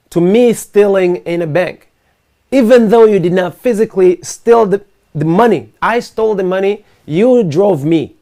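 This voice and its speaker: High-voiced earnest male talk host. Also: warm tone. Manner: earnest, emphatic, argues with rhetorical questions. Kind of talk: live online talk show monologue. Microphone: video call setup.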